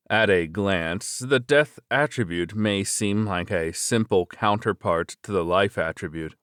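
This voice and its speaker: A man narrating a web novel in a steady, measured reading voice. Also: low-pitched, smooth, dry recording, clean studio sound. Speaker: audiobook narrator.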